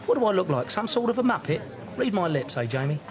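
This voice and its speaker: An actor playing a gruff, sharp-tongued working-class father who scolds his grown sons. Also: sits high, sing-song, crowd noise. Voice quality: brisk, scolding.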